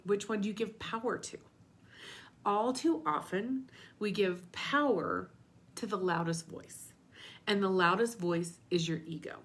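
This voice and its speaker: A woman's voice: mid-range voice, unhurried, a bit bright. Candid woman giving a motivational talk. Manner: candid, casual, mild swearing, drops into whispers. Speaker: self-help coach.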